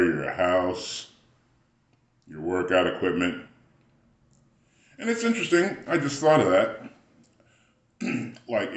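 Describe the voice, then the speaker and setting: Brief: man, very deep voice, unhurried rambling spiritual talk, echoey room. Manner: rambling, musing, frequent throat-clearing.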